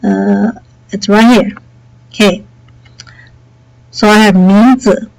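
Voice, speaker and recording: A woman teacher with a headset mic walks students through software setup in a relaxed, chatty way, saying okay often. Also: medium pitch, slow pace, vocal fry, poor audio. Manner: relaxed and chatty, many okays and fillers. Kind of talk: screen-recorded software tutorial.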